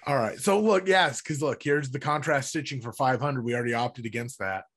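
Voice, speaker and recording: Male podcast co-host, average pitch, easygoing, keeps asking how things work. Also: fairly quick, a bit bright, slightly rough. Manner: curious, asks lots of technical questions. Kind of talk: casual car chat.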